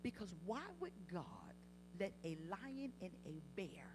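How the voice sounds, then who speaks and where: A woman preaching a sermon in a church, swinging from quiet to loud, passionate peaks, with humorous asides. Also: medium pitch, animated, a little slow, background noise. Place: church sanctuary.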